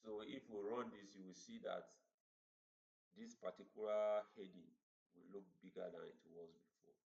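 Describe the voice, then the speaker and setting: Halting man teaching code. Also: on the low side, steady tone, vocal fry, darkish tone. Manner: halting, repeats words while explaining. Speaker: coding instructor. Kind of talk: screen-share coding tutorial. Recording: roomy, dull lo-fi recording.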